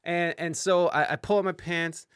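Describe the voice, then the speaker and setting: A man hosting a podcast, casually telling a profane story with loud panicked outbursts and asides to live-stream viewers. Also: on the high side, normal speed, clear, resonant tone, dry recording, studio quality. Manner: animated, profane, swings into loud panicked outbursts when quoting himself. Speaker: podcast host.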